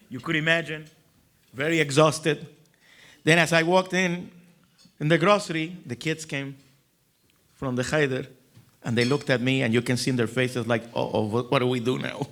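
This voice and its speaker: A rabbi with a fairly high voice tells a lively personal story to a crowd. He is animated and slips into other people's voices as he goes, chuckling along the way. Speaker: rabbi giving a talk. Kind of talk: humorous storytelling speech.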